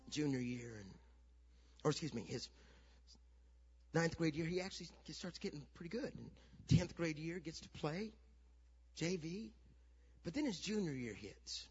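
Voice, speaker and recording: A middle-aged man pastor preaching a sermon, telling a story that builds to shouted preaching. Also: on the high side, animated, unhurried, pauses often, slightly rough, faint music behind. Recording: dull lo-fi sound.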